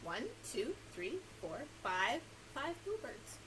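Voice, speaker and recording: A woman's voice: on the high side, slow pace, background noise. A woman librarian reading a picture book aloud to young children, asking them questions and laughing often. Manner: animated, coaxing questions to young listeners.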